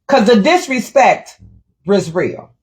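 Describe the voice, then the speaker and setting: Middle-aged lady chatting on her live stream, animated and kinda indignant, reads comments out loud. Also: medium pitch, slow pace. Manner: chatty storytelling, reads viewer comments aloud. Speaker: livestream host. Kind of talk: casual livestream chat.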